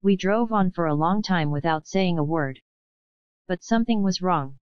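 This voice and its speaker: Low, smooth woman reading a novel. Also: moderate pace, dry recording, lo-fi sound. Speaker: audiobook narrator. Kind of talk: scripted narration of a novel.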